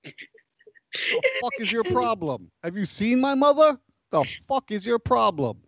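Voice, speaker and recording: A man putting on the voice of a brash, menacing Italian-American tough guy, loud and profane. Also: very high voice, very animated, measured pace, no echo, lo-fi sound, pitched above the performer's own voice, exaggerated voice. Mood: furious.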